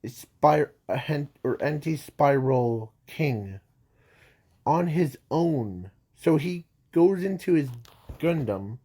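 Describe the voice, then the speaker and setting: A man's voice: a little high, animated, warm tone, husky. A man improvising a fan-fiction story aloud, stopping and restarting often and correcting himself as he goes. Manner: halting, many restarts and trailing words; says "sorry" to correct himself. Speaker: amateur storyteller.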